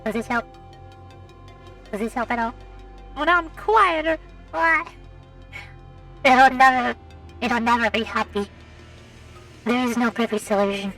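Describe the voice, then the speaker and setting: A woman streaming live, chatting casually and joking as she thinks out loud. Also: a little high, unhurried, long pauses, soft background music.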